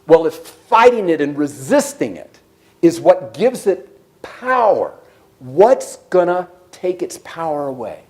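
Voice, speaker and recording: Speaking slowly with a somewhat high voice, a man tells stories and quizzes listeners in an energetic sermon-style address at church.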